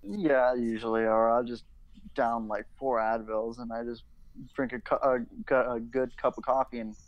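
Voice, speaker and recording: A man's voice: mid-range voice, steady tone, normal speed, dry recording, highs cut off. A young man co-hosting a casual podcast chat, rambling with lots of "like" and restarts and swearing casually. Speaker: podcast co-host.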